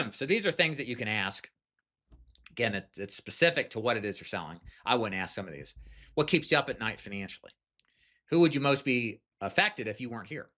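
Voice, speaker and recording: Direct male sales coach with a bright, forward voice, talking plainly to new agents. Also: fairly low pitch. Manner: direct, conversational, frequent "okay?" check-ins. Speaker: sales trainer. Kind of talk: instructional talk.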